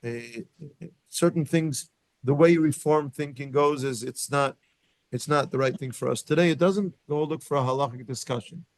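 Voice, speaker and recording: A man's voice: mid-range voice, normal speed, no room sound. A man teaching a Torah class as a lecture, thinking aloud with frequent restarts and questions put to his students. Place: synagogue study room.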